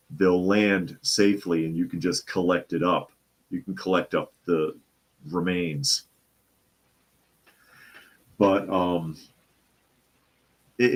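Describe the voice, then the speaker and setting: A man from the Boston area hosting a live talk show, reading viewer comments and answering in a conversational way, often restarting and repeating phrases. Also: deep voice. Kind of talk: casual opinion talk.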